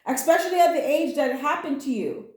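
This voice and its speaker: A woman's voice: high-pitched, animated, fast talker, a little mellow. Emotional, earnest woman tarot reader in an echoey room. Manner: emotional, earnest and comforting, with blunt slang. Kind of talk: casual spoken tarot reading.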